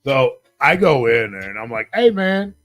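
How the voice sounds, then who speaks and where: A man telling a story on a radio show, swearing freely and throwing himself into every quoted line. His voice sits at an ordinary middle pitch and sounds close and dry, with faint music underneath. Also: moderate pace, no echo. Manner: profane, animated storyteller acting out quotes. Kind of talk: casual chat, telling a story.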